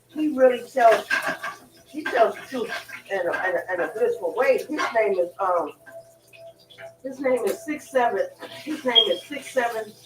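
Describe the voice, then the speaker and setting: A woman's voice: fairly high pitch, distant mic. A woman rambles in a blunt, unfiltered casual monologue, drifting from story to story. She sits away from the mic in a roomy, echoing kitchen. Dishes and pans clatter behind her. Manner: loose, blunt storytelling with profanity and laughs. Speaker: livestream host.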